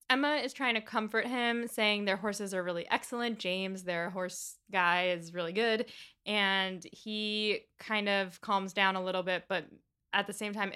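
A woman co-hosting a casual book discussion, retelling scenes in a chatty, animated way. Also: mid-range voice, clear, resonant tone. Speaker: podcast co-host.

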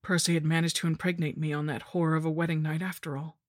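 A woman narrating a horror story in the first person, with a measured, grim delivery. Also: sits low, little pitch movement, no echo, clean studio sound. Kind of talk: scripted narration.

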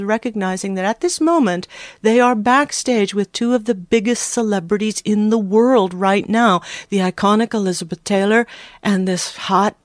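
A woman in her sixties, a studio engineer, telling a story as a guest in a podcast interview, lively and full of restarts. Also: mid-range voice, moderate pace, no echo.

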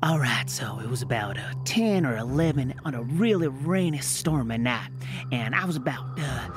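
Женщина играет хвастливого болтливого южанина с южноамериканским акцентом, который медленно и сбивчиво рассказывает байку. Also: female voice, rumbling low, expressive, moderate pace, music in the background. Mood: drawling yarn. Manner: drawling, rambling, full of fillers. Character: boastful rambling Southern man, storyteller. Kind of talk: improvised comedy character.

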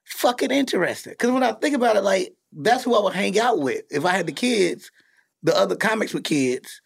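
A man, a comedian and dad hosting a podcast, telling stories in a casual, animated way with plenty of cursing. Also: sits high, fairly quick, creaky, slightly rough. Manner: animated storytelling, cursing freely. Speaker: podcast host; comedian and father.

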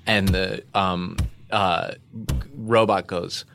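A man improvising on a comedy podcast, telling a silly story in a dry, deadpan way that trails off softly. His voice sits in a middle pitch. There is steady hiss behind him on the recording. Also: moderate pace. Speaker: podcast co-host.

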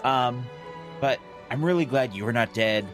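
A male player speaking in character at a tabletop game, halting and awkward with lots of pauses. His voice sits at a plain middle pitch, with faint music underneath. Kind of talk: in-character tabletop role-play.

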